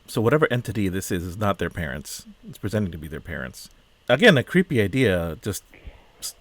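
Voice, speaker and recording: Slightly low-voiced, exasperated man reacting. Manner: puzzled, exasperated, asks many questions; trails off and restarts mid-sentence. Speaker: host reacting to a film. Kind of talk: casual reaction commentary.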